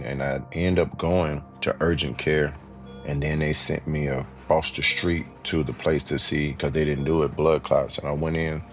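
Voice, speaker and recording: A man guest on an interview show, telling his story casually and animatedly, often acting out other people's lines. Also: extremely low pitch. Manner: casual, repeats "you know what I mean". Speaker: podcast guest.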